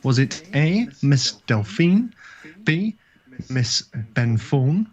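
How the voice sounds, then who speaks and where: A man's voice: mid-range voice, very animated, very slow, a little mellow, muffled recording. A young man with a mid-range voice reads out multiple-choice quiz questions in a loose, chatty way. He laughs between lines and slips into easy side talk. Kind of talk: casual livestream chat.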